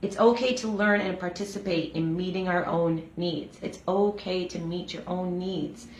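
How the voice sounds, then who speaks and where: A woman's voice: fairly low pitch, steady tone, normal speed. An earnest middle-aged woman, a healer, talking through a daily self-help reading in a heartfelt, casual way with lots of "um" and "like.". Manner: earnest, heartfelt, many fillers like "um" and "like". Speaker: energy healer and breath facilitator. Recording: echoey room.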